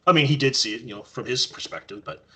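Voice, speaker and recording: A man from Canada, guesting on a podcast, talks fast in a mid-range voice with a breathy edge. His casual stories are animated, with the quoted lines acted out.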